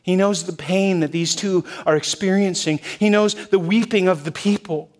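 Guy pastor preaching, fairly high voice, gets loud then real quiet. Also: normal speed. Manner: expressive, swings from loud to hushed. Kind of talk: sermon.

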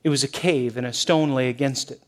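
A male pastor preaching a sermon in a church, shifting between loud emphasis and hushed softness. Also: medium pitch, brisk. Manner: expressive, swings from loud to hushed.

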